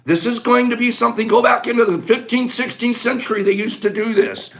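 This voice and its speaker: A man hosting a casual live stream, greeting viewers by name and running a quick quiz with lively banter. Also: very high-pitched, vocal fry. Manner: animated, shouts out viewer names, quick game-show banter. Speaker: livestream host.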